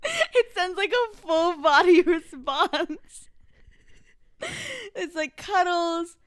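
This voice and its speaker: A woman's voice: very high voice, animated, very slow, a bit bright, no room sound, clean studio sound. A young woman co-hosting a podcast in casual chat, playful and teasing, mimicking baby talk with mock disgust. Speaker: podcast co-host.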